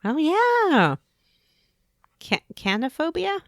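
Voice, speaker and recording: A woman's voice: high voice, wildly swooping pitch, slow pace, no echo. Dry-voiced woman on a gaming podcast. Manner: dry, teasing, matter-of-fact. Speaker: podcast co-host. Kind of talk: casual gaming podcast chat.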